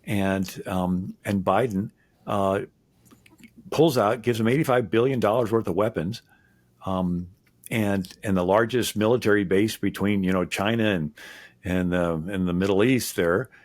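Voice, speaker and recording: A historian guest talking in an interview, rambling with many fillers and restarts. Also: male voice, lowish voice, a little slow, dry recording. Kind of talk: conversational interview.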